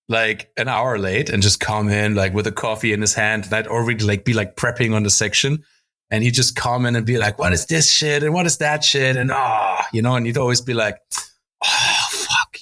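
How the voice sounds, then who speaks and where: A man's voice: medium pitch, fairly bright tone. A man co-hosting a podcast in casual chat, telling stories loosely with lots of "like" fillers and swearing. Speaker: podcast co-host.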